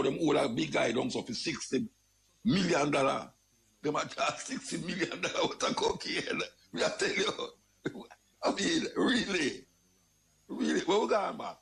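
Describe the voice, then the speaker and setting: An older Jamaican man holds forth in a loose, animated monologue, often circling back to repeat his words. His voice has a gravelly fry and sits a touch high for a man, and his pitch swings up on exclamations. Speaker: radio talk host. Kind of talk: casual monologue.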